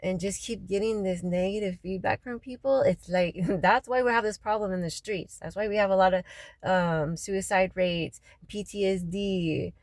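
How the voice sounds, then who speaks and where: A woman, crying as she vents in a raw, profane personal rant, her voice often sinking low and quiet. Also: moderate pace, dry recording, poor audio. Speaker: local resident venting after a city meeting. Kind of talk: emotional personal vlog rant.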